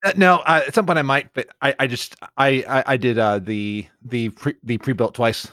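A man's voice: medium pitch, normal speed, fairly bright tone, no echo, clean studio sound. A man co-hosting a casual geek news show, often stammering and repeating words. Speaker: podcast co-host.

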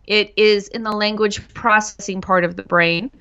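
A woman's voice: medium pitch, steady tone, moderate pace, bright, forceful tone, clear, resonant tone, dull audio. A woman who stutters, speaking in a casual interview and catching on the starts of words, with many fillers. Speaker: guest speaker on stuttering and dyslexia.

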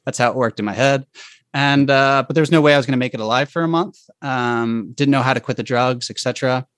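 A man telling a personal faith story in conversation, speaking haltingly and reflectively with many restarts. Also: mid-range voice, fairly bright tone, clear, resonant tone, no room sound.

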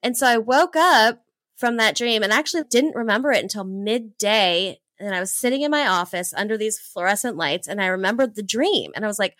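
A woman from Hawaii in her thirties, a guest in an interview, telling her travel stories with real enthusiasm. Her voice is bright and a little high, and she laughs often as she acts out what she was thinking at the time. The sound is dry and close. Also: animated, a little fast, dry recording. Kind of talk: animated storytelling in an interview.

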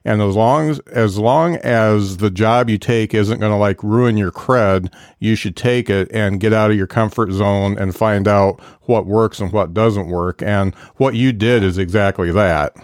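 A man's voice: fairly low pitch, unhurried, hardly any pauses, dry recording, clean studio sound. A man hosting a casual interview, reflective and offering advice to newer comedians.

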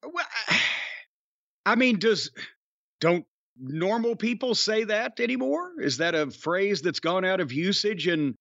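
A man's voice: high-pitched, sing-song, a little slow, creaky, fairly bright tone, no echo, dull audio. A man with a Southern US accent, hosting a podcast in a long-winded, sardonic, profane way. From Southern United States. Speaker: podcast host. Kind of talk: casual rambling chat.

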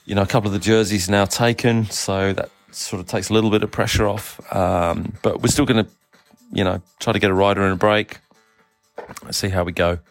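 A middle-aged man with a mix of Australian, South African and English accent, talking in a relaxed, rambling audio diary full of ums and uhs. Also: lowish voice, fairly quick, soft background music. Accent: mixed Australian, South African and English. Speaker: cycling team manager.

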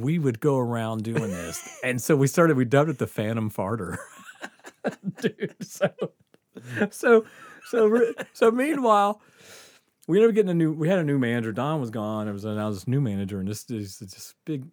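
A man's voice: mid-range voice, animated, normal speed, a little mellow, dry recording. A man telling a story in a casual podcast chat, profane, often laughing and saying "dude".

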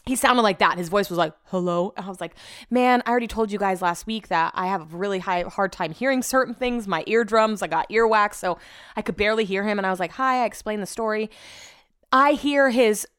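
A woman's voice: medium pitch, fairly quick, fairly bright tone, smooth. A woman telling a rambling story in a casual, profane rant, jumping between asides. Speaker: vlogger.

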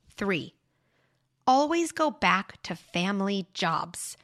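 A young woman with a bright, clear tone talks through parenting advice at an even, unhurried pace. Her delivery is calm and reflective, like a host answering a listener's question. She explains each point patiently. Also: medium pitch. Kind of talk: advice podcast monologue.

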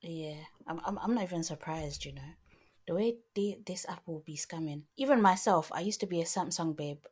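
Low-voiced husky young woman. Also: a little fast. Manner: easygoing, laughs often, explains plainly. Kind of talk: casual chat.

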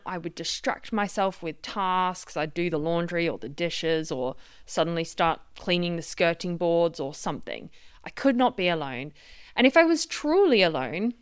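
A woman hosting a solo self-help podcast, reflective and gently guiding, sharing personal stories. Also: lowish voice, clear, resonant tone, no echo, studio quality. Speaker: podcast host.

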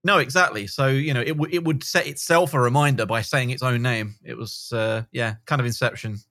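Relaxed man, dry close sound. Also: medium pitch, brisk, dry recording. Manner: relaxed, many fillers. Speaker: guest. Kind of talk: casual podcast interview.

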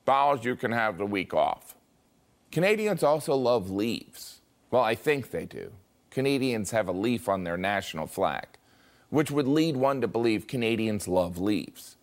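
An American man giving scripted comic commentary, wry and deadpan, with mock-voiced asides. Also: fairly low pitch, a little slow. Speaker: comedy commentator.

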